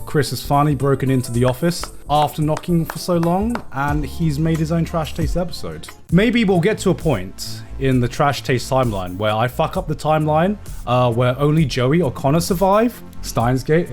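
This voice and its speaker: A man streaming live, reacting to fan-made edits in a casual, incredulous way, swearing and laughing often. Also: on the high side.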